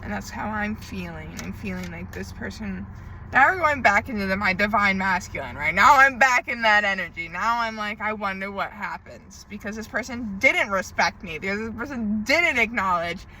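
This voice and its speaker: A woman speaks in a raw, unscripted diary-style monologue, repeating herself for emphasis and swearing freely. Her voice is bright and sharp-edged. Faint background noise sits under the recording. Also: medium pitch, expressive, normal speed, rough recording. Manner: swearing, venting, emphatic repetition. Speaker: tarot reader.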